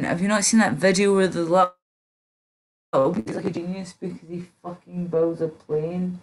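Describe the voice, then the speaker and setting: A woman's voice: fairly low pitch, fairly even intonation, moderate pace, darkish tone. A woman livestreaming in casual chat, drowsy and rambling, with many fillers and trailing off. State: drowsy, slurred.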